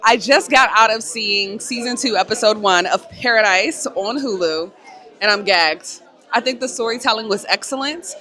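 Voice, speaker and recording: A woman vlogging to camera in casual chat, animated and slangy. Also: on the high side, normal speed, soft background music. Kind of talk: casual vlog talk to camera.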